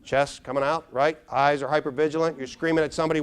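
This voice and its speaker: A middle-aged man, a neuropsychologist, giving an animated conference keynote, quizzing the audience and acting out little scenes. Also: fairly high pitch, fast, a little hiss or hum. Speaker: neuropsychologist speaker. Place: large conference hall.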